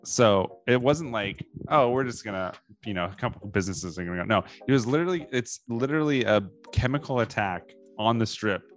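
A man's voice: on the low side, expressive, soft background music. A man hosting a casual chat, directing the others and stumbling over repeated words as he hurries. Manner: directs the group, quick, repeats himself.

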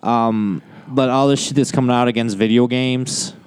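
Smooth-voiced swearing podcast man. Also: mid-range voice, steady tone, no room sound. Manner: ranting, swears a lot, drawn-out emphasis. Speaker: podcast co-host. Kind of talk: casual profane chat.

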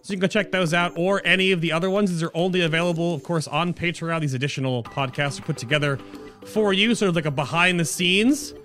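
A man's voice: fairly high pitch, quick pace, a bit bright. A man hosting a podcast in casual chat, rambling and chatty, often restarting his sentences. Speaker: podcast host. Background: background music.

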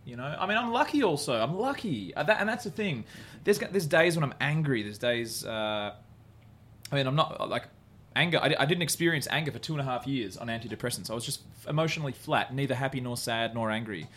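Fast and expressive, a comedian with a mid-range, slightly bright voice chats candidly as a podcast guest at a bar venue. He rambles, jokes at his own expense, restarts his sentences a lot, and swears once in a while.

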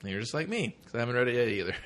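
A man's voice: medium pitch, big pitch swings, rapid-fire, a bit bright. A man co-hosting a comics podcast in loose, profane casual chat, often acting out quoted voices. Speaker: podcast co-host.

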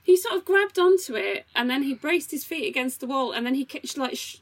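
A woman's voice: sits high, animated, brisk. A woman co-hosting a casual chat, self-deprecating and reading her notes aloud. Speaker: podcast co-host.

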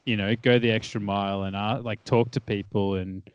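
A man's voice: fairly low pitch, steady tone, a little fast, lo-fi sound, a little hiss or hum. A man, chatting casually on a podcast and offering advice on selling art.

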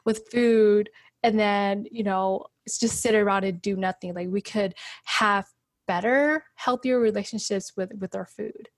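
A woman's voice: medium pitch, steady tone, unhurried, no room sound. A woman in her thirties talking casually in an interview, chatty and full of fillers and restarts. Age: 30s.

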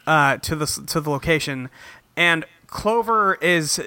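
A man with a bright, forceful voice and a pitch that leaps all over as he recaps a cartoon with his co-host. He acts out the characters' lines in quick put-on voices and swears freely, and the sound is close and dry. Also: animated, clean tone, dry recording. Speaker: podcast co-host. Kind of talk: casual chat recapping a cartoon.

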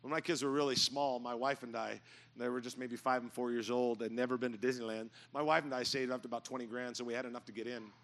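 A middle-aged man preaching a sermon in a church, telling stories and building to loud, emphatic points. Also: medium pitch, level tone, fast talker. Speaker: pastor. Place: church sanctuary.

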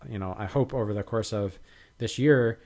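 A man with a lowish voice co-hosts a podcast in easygoing conversation. He talks haltingly, stopping and restarting his sentences and leaning on lots of fillers. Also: a little mellow. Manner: hesitant, many fillers and restarts. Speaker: podcast co-host. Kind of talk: casual chat.

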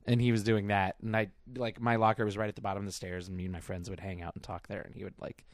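A young man co-hosting a podcast in casual chat, telling stories in an animated way and acting out the voices he quotes. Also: on the low side, fast, dry recording, clean studio sound. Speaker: podcast co-host.

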